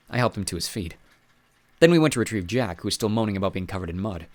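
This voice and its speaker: A man's voice: lowish voice, animated, fast, darkish tone, no room sound. A man reading a first-person adventure story aloud with dry, wry asides. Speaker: audiobook reader.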